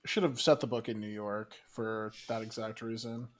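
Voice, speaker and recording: A man's voice: fairly low pitch, fairly even intonation, normal speed. A man co-hosting a casual book club podcast over a call from his studio apartment, joking in a dry way. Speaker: podcast co-host. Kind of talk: casual chat. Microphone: recorded remotely over a call.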